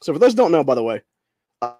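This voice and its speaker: Young male host, heated profane rant, quick delivery, high-ish voice. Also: big pitch swings, warm tone, no room sound, clean studio sound. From Ohio. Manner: profane, heated, keeps saying "dude". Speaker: political podcast host. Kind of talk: angry political rant.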